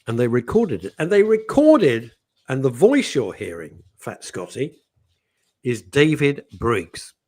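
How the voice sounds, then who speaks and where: A man's voice: medium pitch, unhurried, slightly rough. A British man co-hosting a radio show, telling anecdotes in casual chat. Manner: storytelling, animated, laughs often. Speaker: radio co-host.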